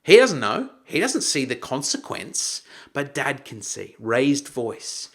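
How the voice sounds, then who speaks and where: Male coach, animated teaching delivery, acts out shouted examples. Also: mid-range voice, takes it slowly. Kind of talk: teaching talk with acted examples.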